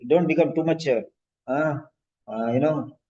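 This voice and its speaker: A man's voice: a little high, unhurried, mellow. A male language teacher who encourages and corrects students' sentences during an online exam-prep class. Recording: dull lo-fi audio.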